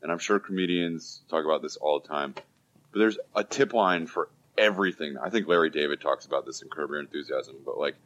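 A man's voice: a bass voice, a little fast, a bit bright, lo-fi sound. A man rambling casually and joking as host of a conversational chat.

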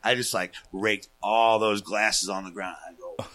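A man's voice: on the low side, measured pace. A man casually telling a long story on a podcast, swearing freely and acting out what people said. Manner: profane, animated, acts out quotes. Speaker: guest storyteller.

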